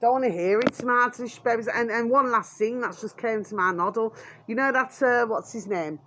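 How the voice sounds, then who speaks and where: A British woman vlogger rants angrily, her fairly high voice a little fast and a bit bright, with a little hiss or hum in the audio. She swears constantly and leans on "there we are," coarse and blunt.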